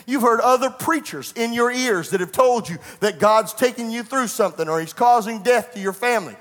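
A man's voice: very high-pitched, brisk, fairly bright tone, in a large hall, faint music behind. A middle-aged man, a pastor, preaching a sermon that moves from personal storytelling into fervent preaching in a church. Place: church sanctuary.

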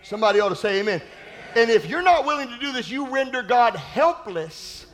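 High-voiced preaching pastor, emphatic. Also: male voice, lively intonation, a little fast, slight background noise. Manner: emphatic preaching with repetition and sudden high shouted peaks. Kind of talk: sermon.

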